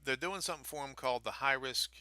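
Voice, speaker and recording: A man from Baltimore co-hosting a wrestling podcast, joking and teasing in animated casual banter. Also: mid-range voice, fast talker, no echo.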